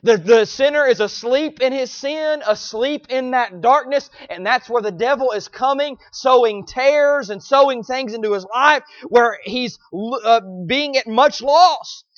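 A man preaching a sermon, repeating phrases and swinging between loud pleading cries and low, quiet lines. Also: unhurried, few pauses, dry recording, muffled recording.

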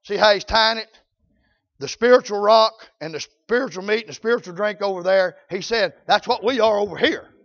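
An older man preaching a folksy sermon, often shouting out his points. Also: high-pitched, moderate pace, highs cut off.

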